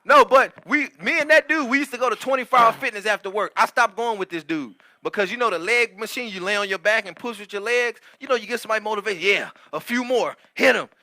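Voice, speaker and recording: Bright, high-voiced man telling stories. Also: fast, few pauses, no echo. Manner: animated, profane, laughs often. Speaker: podcast co-host. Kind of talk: casual comedic storytelling. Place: podcast studio.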